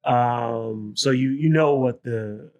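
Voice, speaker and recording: A man's voice: mid-range voice, takes it slowly, darkish tone, highs cut off. A man hosting a casual podcast chat in an easygoing, rambling way. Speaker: podcast host.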